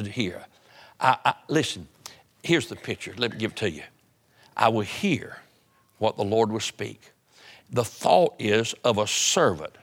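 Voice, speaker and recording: A man preaching a sermon to his church in a conversational way, repeating phrases and dropping his voice low for emphasis. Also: a bit bright. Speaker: pastor.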